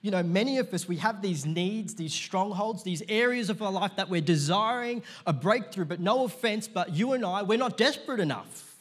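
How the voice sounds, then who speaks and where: A pastor in his thirties preaching a sermon to a congregation, chatty and animated with lots of "like" fillers and sudden loud bursts. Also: sits high, moderate pace, breathy edge. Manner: conversational, many "like, as in" fillers, bursts of shouting. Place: church auditorium before a live congregation.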